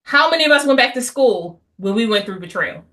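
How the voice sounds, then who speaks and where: Bright, animated woman leading a class. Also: a little high, fairly quick. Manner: animated and blunt, with asides and mock voices. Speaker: class host on healing after infidelity. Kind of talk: lively lecture to an audience.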